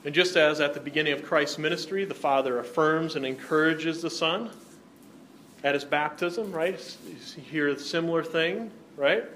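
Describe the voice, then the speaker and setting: This man teaches a Bible class, and his voice sits a little higher than most men's. He keeps turning to the room with "right?" and quick questions. A faint hum of room sound stays under him. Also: fairly bright tone.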